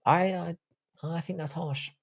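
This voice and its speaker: A man's voice: on the high side, fairly even intonation, unhurried, vocal fry, breathy edge. A man hosting a casual live stream, reading out viewer chat and answering it with loose, profane talk. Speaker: livestream host.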